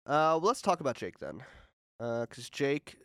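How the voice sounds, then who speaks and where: An easygoing man talks as a podcast co-host and laughs often. His pitch sits in the middle. The recording is close and dry, with no room sound. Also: big pitch swings, normal speed, a bit bright, smooth, no echo. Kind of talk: casual chat.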